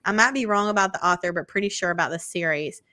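Chatty, bright-voiced woman podcast host. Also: fairly low pitch, quick pace. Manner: chatty and frank, swears freely. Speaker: podcast co-host reading listener emails. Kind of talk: casual podcast chat.

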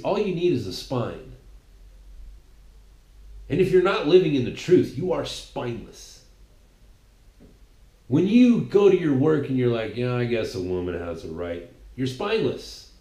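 A man's voice: on the high side, sing-song, a little slow, pauses often, warm tone. A man hosting his own show, preaching a mocking, opinionated solo monologue. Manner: preachy, mocking, with impressions of others. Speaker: podcast host. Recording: echoey room.

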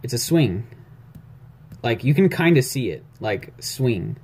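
Speaking unhurriedly yet very animatedly, a young man with a medium-pitched, darkish, slightly rough voice walks through an animation tutorial as he draws. The casual YouTube screen recording is captured on a phone. He comes across as rambling, jittery and self-deprecating, mumbling to himself along the way.

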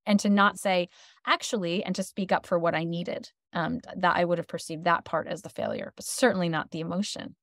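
A woman's voice: lowish voice, fairly even intonation, fairly quick, a bit bright, no room sound, clean studio sound. A woman co-hosting a podcast, asking questions and responding as an engaged listener. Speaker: podcast co-host. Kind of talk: podcast conversation.

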